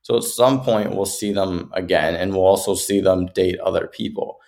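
A man's voice: deep voice, fairly even intonation, moderate pace, creaky, darkish tone. A young man interviewing an advice guest, who thoughtfully sets up his questions at length.

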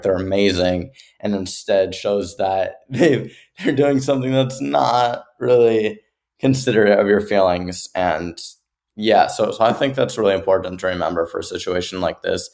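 A man's voice: fairly low pitch, moderate pace, darkish tone. A young man interviewing an advice guest, who thoughtfully sets up his questions at length.

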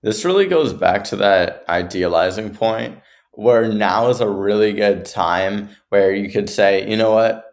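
A man's voice: lowish voice, unhurried, hardly any pauses. A young man interviewing an advice guest, who thoughtfully sets up his questions at length.

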